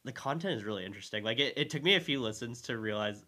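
Bright-voiced joking male co-host. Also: mid-range voice, lively intonation, very fast. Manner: joking, laid-back. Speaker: podcast co-host. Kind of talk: casual chat.

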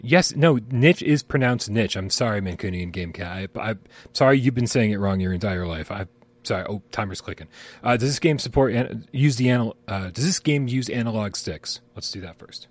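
With sirens wailing outside, a man on the low side speaks fairly quickly as co-host of a live gaming stream. Like a podcast co-host, he rambles along, swearing casually and laughing a lot.

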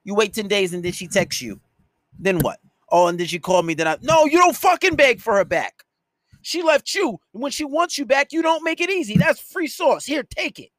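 A man's voice: very high-pitched, very animated, normal speed, fairly bright tone, dry recording, clean studio sound. A man hosting a solo podcast, ranting at his listeners in a scolding, profanity-heavy way. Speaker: podcast host and dating coach.

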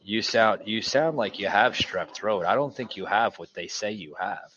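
A man with a very deep voice and a bright, forceful edge hosts a casual podcast. He talks haltingly, restarting sentences and filling gaps. The audio is dull and lo-fi. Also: expressive. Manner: hesitant, many fillers and restarts. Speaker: podcast host. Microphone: studio mic.

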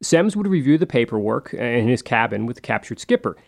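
A man hosting a history show, telling the story in a relaxed, conversational way with frequent fillers and asides. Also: mid-range voice, fairly quick, vocal fry.

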